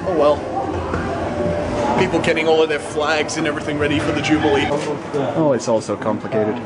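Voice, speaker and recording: A man's voice: a little high, fairly even intonation, normal speed, long pauses. A man chatting casually for his vlog while driving, rambling with lots of fillers and self-corrections. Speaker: vlogger. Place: inside a car in town traffic. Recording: car and traffic noise behind.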